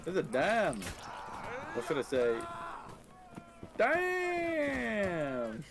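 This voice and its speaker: A man's voice: fairly high pitch, sing-song, moderate pace. A British man bantering jokily while playing a game, hamming up his own accent. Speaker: fellow player. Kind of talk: casual gaming banter.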